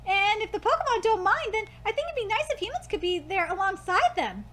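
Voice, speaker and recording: A woman reading aloud the lines of a gentle, hopeful manga character in a soft, earnest voice. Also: very high-pitched, big pitch swings, fairly quick, exaggerated voice.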